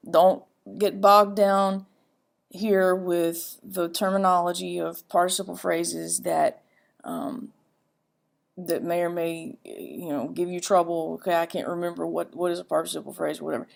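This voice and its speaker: A woman teacher giving a grammar lecture, halting and repeating herself with many fillers as she reads example sentences aloud. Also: fairly low pitch, little pitch movement, creaky.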